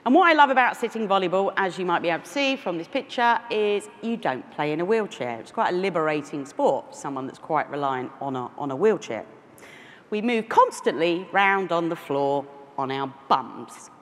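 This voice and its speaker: Low-voiced London woman giving a keynote. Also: lively intonation, brisk, hardly any pauses. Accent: London English. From London, England. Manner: warm, self-deprecating storytelling with asides and restarts. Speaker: keynote speaker. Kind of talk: conference keynote speech. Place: large conference hall. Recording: echoey hall with faint noise.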